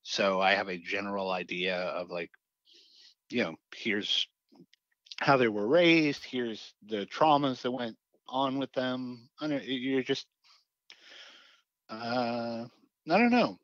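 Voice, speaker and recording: A man's voice: mid-range voice, slow, long pauses, fairly bright tone, no echo, lo-fi sound. A man, a comic writer being interviewed, talking casually and rambling with many fillers and restarts.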